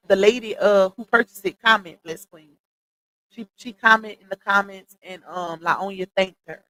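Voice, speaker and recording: A woman's voice: mid-range voice, a bit bright, low-quality recording. A woman hosting a late-night livestream, chatting casually and addressing viewers directly as she gossips. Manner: chatty, talks straight to viewers with "y'all" and "child". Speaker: livestream host.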